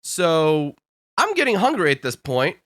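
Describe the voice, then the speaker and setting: A man's voice: on the high side, wildly swooping pitch, a little slow, fairly bright tone, no room sound, studio quality. A man hosting a podcast, chatting in a laid-back way and retelling stories with voiced quotes. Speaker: podcast host. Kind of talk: casual chat.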